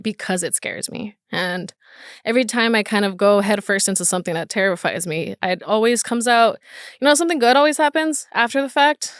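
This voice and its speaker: This is a young woman hosting a casual solo podcast. She talks openly, nervous and emotional, and swears without thinking. Her voice is smooth and clear, recorded dry and close with no room sound. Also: mid-range voice, fairly bright tone, no room sound. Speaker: podcast host.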